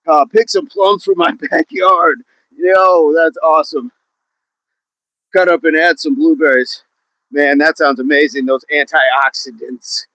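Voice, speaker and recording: A man's voice: on the high side, a little slow, long pauses, fairly bright tone, no echo, poor audio. Upbeat man hosting an outdoor workout stream. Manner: upbeat, counts down reps, greets chat by name. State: exercising. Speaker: fitness livestream host. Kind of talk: live workout commentary to chat. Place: outdoors on a hill.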